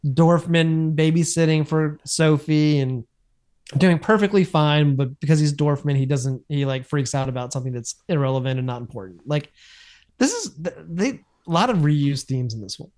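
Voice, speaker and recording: A man co-hosts a podcast with a laid-back, offhand manner. His voice sits a little higher than most men's. He gives blunt opinions and often restarts his sentences. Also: normal speed, a little mellow. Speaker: podcast co-host. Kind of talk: casual recap chat.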